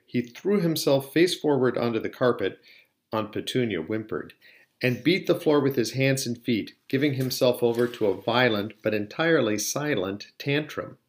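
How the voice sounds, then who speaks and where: A man reading a storybook aloud in an even, steady voice of middle pitch. He narrates at an unhurried pace and now and then stumbles over a word. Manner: steady, occasionally slipping on words. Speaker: audiobook reader.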